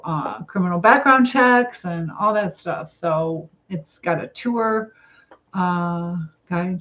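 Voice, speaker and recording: Woman, Southern accent, middle-aged, slow rambling chat, reads comments aloud, dull lo-fi sound. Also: on the low side. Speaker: livestream host. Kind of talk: casual livestream chat while cooking. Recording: dull lo-fi livestream audio.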